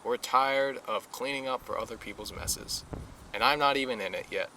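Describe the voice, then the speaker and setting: A man's voice: mid-range voice, moderate pace, bright, forceful tone, a little hiss or hum. A young man, a police recruit, talking earnestly in a casual podcast interview, full of fillers and repeated phrases.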